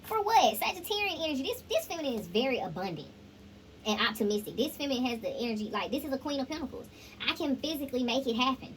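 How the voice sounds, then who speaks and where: A woman's voice: high voice, very animated, fast, a little hiss or hum, poor audio. A woman giving a casual tarot reading, talking straight to viewers and breaking into song snippets. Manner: chatty, sings snippets, addresses viewers directly. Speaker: tarot reader.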